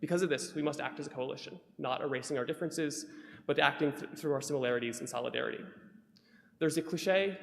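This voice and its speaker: A speaker giving a prepared reflection from a church pulpit, earnest and measured with a dry humor. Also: male voice, on the high side, gravelly, fairly bright tone. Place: church sanctuary. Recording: echoey hall with long reverb.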